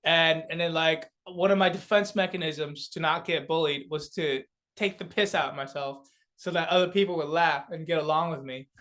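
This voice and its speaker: Young man, slightly high voice, animated, filler-heavy podcast guest. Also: normal speed. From South Korea. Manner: laughing, animated storyteller with many fillers. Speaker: comedian and beatboxer guest. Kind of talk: casual podcast chat.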